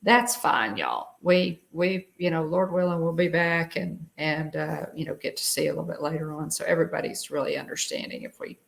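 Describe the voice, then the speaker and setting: Casting: middle-aged woman, low gravelly voice, rambling co-host chat. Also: moderate pace, few pauses. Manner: chatty, rambling, many fillers and restarts. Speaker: show co-host. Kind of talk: casual live-stream chat.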